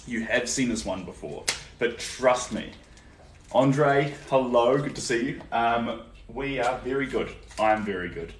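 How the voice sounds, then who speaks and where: A man's voice: mid-range voice, measured pace. A young man with a New Zealand accent, chatting casually and answering viewers while painting during a live stream. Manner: relaxed and chatty, many ums, answers viewer comments. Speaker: artist livestreaming a painting session. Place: indoor art studio. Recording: roomy echo, distant from the mic, faint background noise.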